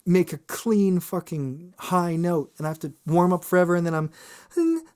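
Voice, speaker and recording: A man hosting a podcast, a singer talking in a casual, animated monologue, swearing freely and acting out quoted voices. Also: high-pitched, normal speed, clear, resonant tone. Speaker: podcast host.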